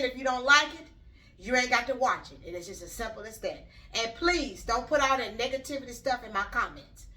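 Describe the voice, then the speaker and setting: Bright-voiced blunt woman vlogger. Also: sits high, far from the mic. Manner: blunt, rambling, talks straight to viewers. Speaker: YouTube channel host. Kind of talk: casual opinion vlog.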